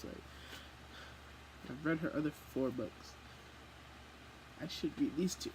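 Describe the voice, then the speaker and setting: A young woman vlogging casually from home, rambling and animated as she jumps from thought to thought. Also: deep voice, fairly quick, long pauses, a little hiss or hum, low-quality recording. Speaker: book vlogger. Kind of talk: casual chat.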